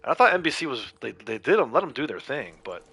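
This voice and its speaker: A man hosting a gaming livestream, chatting casually and rambling, often laughing and trailing off quietly. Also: medium pitch, big pitch swings, fast, a little hiss or hum. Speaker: livestream host. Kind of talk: casual chat while gaming.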